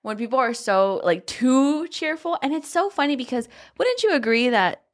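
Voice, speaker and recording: A woman's voice: high-pitched, sing-song, moderate pace. A woman co-hosting a book podcast in casual chat, frank and swearing now and then.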